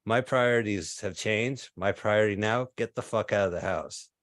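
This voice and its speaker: A man in his fifties performing a stand-up set over a video call, delivering absurd one-liners in a deadpan way. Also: fairly low pitch, moderate pace, no room sound, clean studio sound. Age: 50s. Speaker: stand-up comedian.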